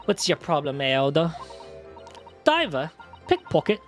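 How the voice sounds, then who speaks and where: A man's voice: fairly high pitch, big pitch swings, a little slow, soft background music. A man voicing a cheeky young female pickpocket from London's East End, with a brash Cockney accent. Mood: cocky. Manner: brash, cocky.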